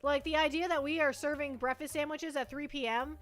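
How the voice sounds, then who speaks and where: A high-pitched young woman with a bright, sharp tone chats on a livestream. She rambles playfully, tripping over restarts, with faint music under her voice. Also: steady tone, fairly quick. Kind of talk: casual livestream chat.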